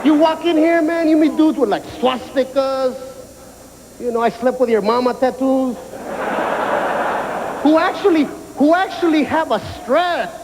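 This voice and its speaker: High-voiced man telling comic stories. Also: measured pace, long pauses, big-room sound. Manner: animated storytelling, mimics people. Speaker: stand-up comedian. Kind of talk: stand-up comedy to inmates. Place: prison yard. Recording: noisy outdoor recording.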